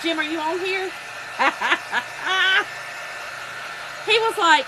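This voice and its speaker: A woman's voice: very high-pitched, drawn-out words, long pauses, background noise. A woman, hosting a casual craft livestream, telling a story and greeting viewers by name. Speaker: livestream host. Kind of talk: casual livestream chat while painting.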